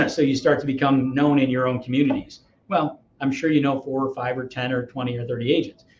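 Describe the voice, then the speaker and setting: Energetic middle-aged man, roomy dull audio. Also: mid-range voice, fairly quick, slight background noise. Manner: energetic, acts out dialogues, persuasive. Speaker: real estate agent, podcast guest. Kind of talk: interview storytelling.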